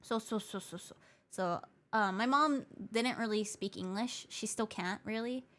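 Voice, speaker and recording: A woman from Hawaii chatting on a livestream, reading out viewer comments and answering them one by one. She slides between English and Japanese within a single sentence. She explains things patiently and comes back to the same point more than once, in a pitch that sits right in the middle for a woman. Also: a little slow, fairly bright tone. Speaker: VTuber streamer.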